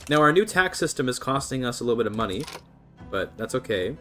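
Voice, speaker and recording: A man with a mid-range, sing-song voice talks fast in a sharp tone while faint music plays behind him. He streams a strategy game from British Columbia, Canada, commentating in a laid-back, chatty way and reading and answering his chat.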